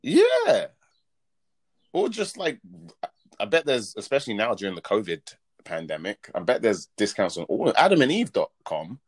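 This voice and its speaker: A man co-hosting a podcast in casual chat, playful and quick to laugh. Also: fairly low pitch, wildly swooping pitch, slightly rough. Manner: chatty, laughs often, playful. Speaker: podcast co-host.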